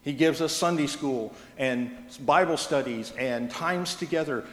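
A man's voice: on the high side, unhurried, fairly bright tone. A man, a pastor, preaching a sermon in a plain, conversational storytelling manner. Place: church sanctuary. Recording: echoey reverberant church hall.

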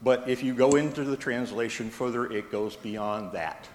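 A male pastor delivers his sermon in an easy, conversational storytelling way. His voice sits at an ordinary pitch and rings through a large echoing church with a long reverb tail. A faint hum of room noise lies underneath. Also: normal speed. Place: church sanctuary. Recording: echoey reverberant church hall.

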